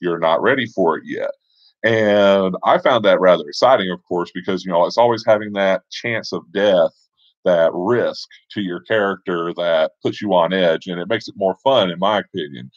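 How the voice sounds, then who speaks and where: A man casually telling a tabletop game story, with relaxed asides and fillers. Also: deep voice, normal speed, no echo, muffled recording.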